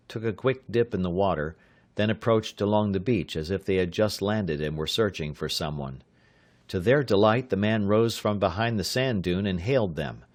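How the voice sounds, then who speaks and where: A deep-voiced man narrates an audiobook, reading the scripted text in a steady, measured way.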